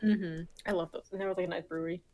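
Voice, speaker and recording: A woman's voice: on the low side, fairly even intonation, rapid-fire, warm tone, highs cut off. A young woman co-hosting a podcast, chatting in a laid-back way, swearing casually and laughing between lines. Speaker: podcast co-host. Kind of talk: casual chat.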